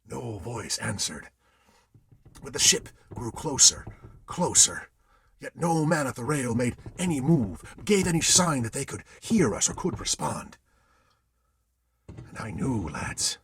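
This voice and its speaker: A man spins a ghost tale in the manner of an old sailor at sea. His voice is gravelly and very husky, and it swoops widely in pitch. The dry, close sound keeps the theatrical telling intimate. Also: big pitch swings, a little slow, long pauses, fairly bright tone. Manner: old-time sailor's speech, theatrical delivery. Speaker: storyteller. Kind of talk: dramatic ghost story narration in character as an old sailor.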